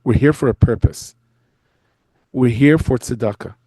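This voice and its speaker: A rabbi tells stories in an animated lecture, speaking from his office in a school. His voice sits in a middle range with a gravelly edge, and the sound is close and dry. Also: mid-range voice, unhurried, no echo. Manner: animated storyteller who acts out the people he quotes. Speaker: rabbi giving an annual lecture. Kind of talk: storytelling lecture.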